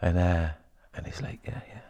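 A man telling a personal story in casual talk, swearing freely and dropping to a hushed whisper when quoting others. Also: low voice, normal speed, gravelly.

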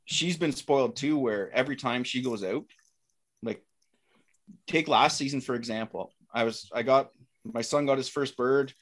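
This guest is recounting a hunting tale in a relaxed, lively way, voicing the quoted dialogue of its characters. He's a middle-aged man whose voice sits in the mid range and moves at an ordinary speed.

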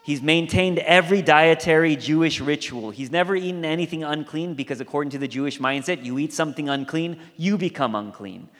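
A man's voice: on the high side, fairly quick, few pauses, fairly bright tone. A male pastor delivering a sermon in a conversational, storytelling way. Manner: conversational storytelling, acts out quoted voices. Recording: long hall reverb.

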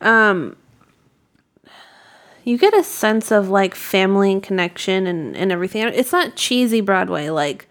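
A woman co-hosting a podcast, chatting casually with relaxed, dry remarks and short replies. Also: mid-range voice, a little slow. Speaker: podcast co-host. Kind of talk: casual chat.

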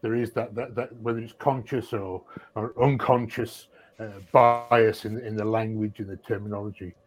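A man's voice: lowish voice, flat delivery, moderate pace. A middle-aged man with a northern English accent, a guest on a live podcast, telling his experiences bluntly and plainly. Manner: blunt, plain-spoken storytelling. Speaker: guest, recruiting veteran.

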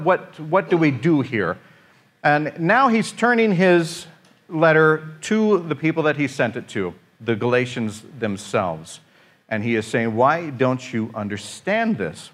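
A man preaching a conversational sermon, informal and joking, often pausing on "uh" and restarting his sentences. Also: fairly high pitch, a bit bright. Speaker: pastor.

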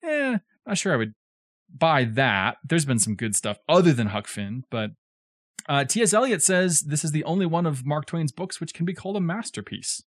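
Animated man explaining a book. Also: fairly high pitch, normal speed, no room sound, studio quality. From southern United States. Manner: animated, digressive, joking asides. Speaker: podcast co-host explaining a classic novel. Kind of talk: casual explanatory chat.

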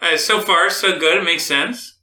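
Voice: mid-range voice, a little slow, sharp tone, roomy sound, low-quality recording. A radio show host chatting on air with a caller, explaining hesitantly and stammering over words. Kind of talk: casual on-air chat.

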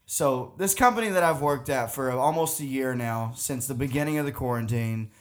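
A man's voice: medium pitch, moderate pace. A man with a Southern US accent, co-hosting a podcast in a rambling, casual chat, often laughing. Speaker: podcast co-host.

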